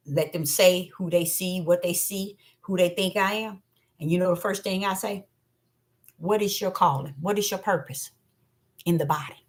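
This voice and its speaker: A woman preaching an animated sermon, who acts out voices and swings between low murmurs and loud cries. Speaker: self-styled prophetess. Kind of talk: preaching monologue.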